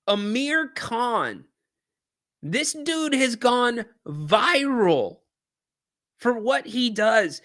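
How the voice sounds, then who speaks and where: Lively slow-talking man telling a story. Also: extremely high pitch. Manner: animated, acts out shouted quotes. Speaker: podcast host. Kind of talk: casual storytelling.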